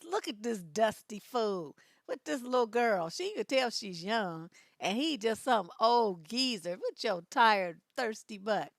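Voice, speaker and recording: A woman's voice: on the high side, animated, measured pace, vocal fry, dry recording, studio quality. A middle-aged woman hosting a live stream, laughing often and reacting with sass to viewer comments and memes.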